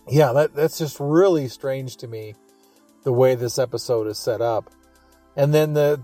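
A man's voice: medium pitch, darkish tone, no room sound. A man hosting a podcast, reviewing a show in a rambling, chuckling way with many fillers. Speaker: podcast host reviewing a radio adaptation. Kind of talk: casual review chat.

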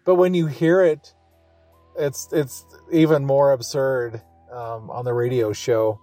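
A podcast host reviews a radio adaptation in casual chat, rambling and chuckling with many fillers. His medium-pitched voice is warm and steady at a slow pace, recorded dry over soft background music.

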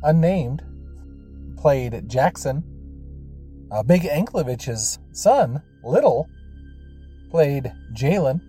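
A man narrating an audio drama in a measured, even storytelling manner. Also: fairly high pitch, soft background music.

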